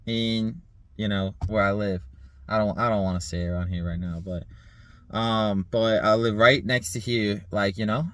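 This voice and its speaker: A man in his thirties rambling in a casual vlog monologue, laughing often, swearing and filling pauses with "like" and "um". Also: on the low side, fairly even intonation, a bit bright, no echo. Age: 30s. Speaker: vlogger.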